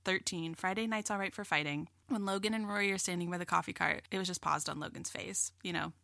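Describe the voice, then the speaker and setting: A woman's voice: on the low side, fast, vocal fry, bright, forceful tone, no echo, studio quality. A young woman co-hosting a podcast, chatting casually with frequent fillers and laughter. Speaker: podcast co-host. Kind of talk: casual chat.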